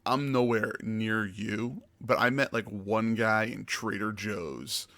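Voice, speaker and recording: A man's voice: lowish voice, slow, a bit bright, no echo. A man hosting a casual podcast interview, friendly and encouraging as he asks questions. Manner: friendly, encouraging, laughs along. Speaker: podcast host, streamer.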